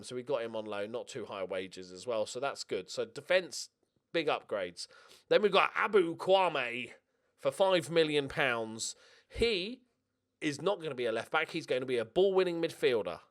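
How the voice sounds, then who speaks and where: Brief: young male gaming host, mid-pitched voice, chatty and jokey, excitable let's-play commentary with casual swearing.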